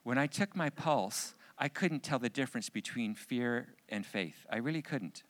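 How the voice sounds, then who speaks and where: A man preaching to a men's gathering and closing in prayer, earnest and repeating key phrases for emphasis, growing loud and fervent as he prays. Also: medium pitch, lively intonation, moderate pace. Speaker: pastor speaking at a men's gathering.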